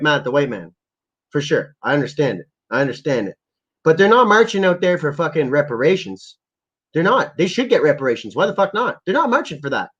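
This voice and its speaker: A man's voice: fairly high pitch, highs cut off. A man from Canada ranting casually and profanely to his live chat as a stream host, rambling and heated. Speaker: livestream host.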